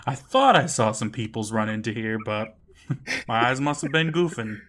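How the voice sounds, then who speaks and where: Lively, animated man recapping with laughs. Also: medium pitch, normal speed. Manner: laughing, swearing, recaps plot and mimics characters. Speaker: podcast co-host. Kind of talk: casual recap chat.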